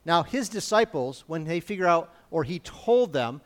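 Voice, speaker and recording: A man's voice: on the high side, expressive, normal speed. A man preaching in a conversational Bible-teaching style, informal and often checking in with his listeners.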